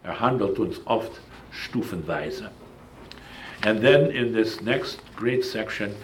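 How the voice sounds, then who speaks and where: Low-voiced man teaching a Bible class. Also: lively intonation, slow pace, slight background noise. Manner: emphatic, digressive, with asides and restarts. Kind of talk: Bible study lecture.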